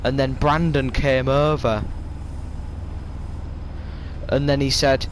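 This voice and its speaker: A man's voice: medium pitch, fairly even intonation, slow, slight background noise, low-quality recording. A young man with a Yorkshire accent chatting casually on a game live stream, rambling through stories in a stop-start way.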